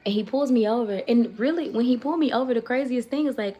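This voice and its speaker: A woman, hosting a casual livestream, retelling a story in an animated way and reading viewer comments aloud. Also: fairly high pitch, fast, husky, highs cut off. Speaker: livestream host.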